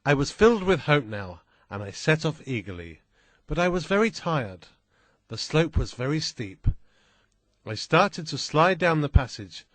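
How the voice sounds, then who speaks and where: Slow deliberate male story reader. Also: fairly high pitch, very animated, fairly bright tone, no room sound. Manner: slow, deliberate, plain reading. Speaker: audiobook reader. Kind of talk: first-person story narration.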